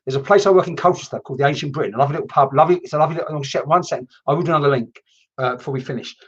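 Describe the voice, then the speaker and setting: A man's voice: a little high, racing, husky, lo-fi sound. A man working as a medium in a live-streamed session, who talks in a rambling, chatty way with many restarts and some mild swearing. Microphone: computer mic.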